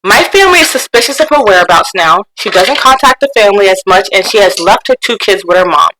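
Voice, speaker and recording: A woman co-hosting a podcast, chatting casually and reading forum posts aloud, animated and quick to laugh. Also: medium pitch, background noise. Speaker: podcast co-host.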